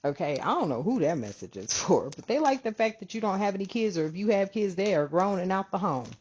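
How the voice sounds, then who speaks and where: A woman's voice: mid-range voice, big pitch swings, a little fast, a little mellow, slight background noise. A woman giving a casual tarot reading to her viewers, chatty and rambling, often breaking into laughter. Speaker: tarot reader. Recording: dull lo-fi sound.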